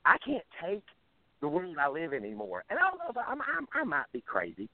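A man's voice: fairly high pitch, wildly swooping pitch, fast talker, dry recording. A man with a rural American drawl, ranting bluntly and with a lot of profanity as a musician guest in an interview, stumbling over his words as he goes. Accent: rural American Southern-style drawl. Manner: blunt, profane, fired-up ranting with many restarts. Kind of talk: phone interview. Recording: tinny phone line, dry.

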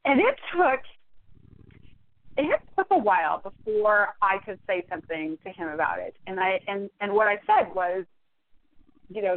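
A middle-aged woman, a guest, telling her story in a wry, animated, conversational way, laughing now and then. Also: medium pitch, unhurried, long pauses, dry recording. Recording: tinny phone line, dry.

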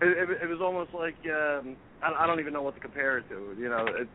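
A man's voice: on the high side, fast, noisy background. A man who is a guest chef on a casual podcast, telling his stories candidly, stumbling and restarting and swearing freely. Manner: candid, profane storyteller with frequent restarts. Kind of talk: casual chat. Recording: tinny phone-like sound.

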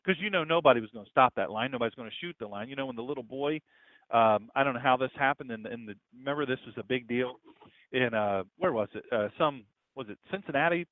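A man preaching a sermon in a conversational style, asking rhetorical questions and swinging between loud and hushed lines. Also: medium pitch, fast, no echo. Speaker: pastor. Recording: tinny, phone-like dry recording.

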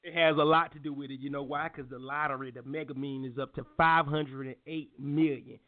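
A man's voice: on the high side, fairly even intonation, fairly quick. Slangy, joking male morning show host. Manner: loose, joking, slangy, with laughs and restarts. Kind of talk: casual show chat. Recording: tinny phone-like sound with faint music.

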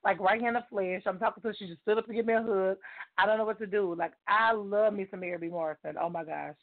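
A woman guest on a chat show, an excitable storyteller who laughs often, heard over a video call. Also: medium pitch, quick pace. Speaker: guest author. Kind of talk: casual chat. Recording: phone-like call audio.

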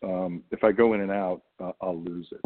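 A middle-aged American actor, appearing as a guest, speaks in a low, steady voice at a normal pace. He talks thoughtfully in a casual interview, filling his answers with fillers and restarts. The audio sounds tinny, like a phone line.

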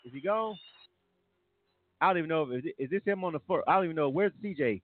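A man's voice: fairly high pitch, expressive, quick pace, dry recording. A man hosting a live music review show, talking loosely and rambling with lots of fillers. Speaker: radio show host. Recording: tinny phone-like sound.

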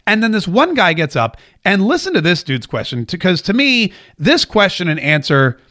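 A man with a notably high, somewhat bright voice hosts a casual commentary show from home, speaking at a moderate pace with few pauses and big pitch swings. He rambles chattily, reads out viewer comments, and drops sarcastic asides.

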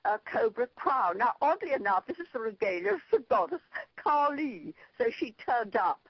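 A woman's voice: high-pitched, normal speed, vocal fry, slightly rough, no room sound, muffled recording. An older woman with an Irish accent, a guest in an interview, telling rambling anecdotes and laughing at her own stories. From Ireland. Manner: lively, rambling storyteller who laughs at her own tales. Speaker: interview guest, spiritual leader.

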